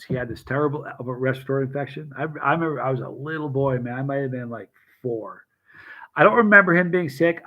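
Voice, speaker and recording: Middle-aged guy rambling thru stories, keeps restarting sentences, shouts out viewers by name. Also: mid-range voice, lo-fi sound. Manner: rambling, self-interrupting, addresses viewers by name. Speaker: vlogger chatting with live chat. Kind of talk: casual rambling storytelling.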